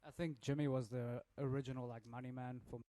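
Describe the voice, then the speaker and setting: A man's voice: mid-range voice, steady tone, fairly quick, dark tone, dry recording. A man hosting a podcast, chiming in with joking asides in casual chat. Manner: jokey interjections.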